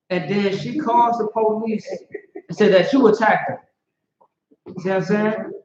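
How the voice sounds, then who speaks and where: A man's voice: sits high, noisy background. A man teaching an informal scripture class, talking conversationally and often asking "you know what I'm saying". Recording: roomy, dull lo-fi.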